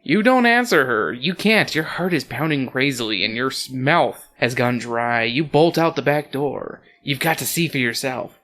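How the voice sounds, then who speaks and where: A man's voice: mid-range voice, moderate pace, few pauses, slight background noise. A man hosting a podcast, reading a story aloud with crude comedic asides. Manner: animated, joking, crude asides. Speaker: podcast host and reader.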